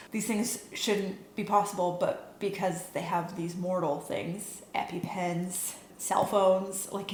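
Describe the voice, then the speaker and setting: A young woman from Western Canada talks in a relaxed, opinionated vlog style, often laughing and filling her sentences with "like." Her voice sits slightly low. The room gives it a noticeable echo, with a faint hum behind. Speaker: book vlogger. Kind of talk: casual chat.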